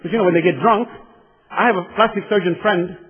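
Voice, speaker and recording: A man's voice: high voice, a little fast, breathy edge. A man preaching a sermon, impassioned and repetitive, speaking directly to his congregation in a large hall. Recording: dull lo-fi sound with long hall reverb.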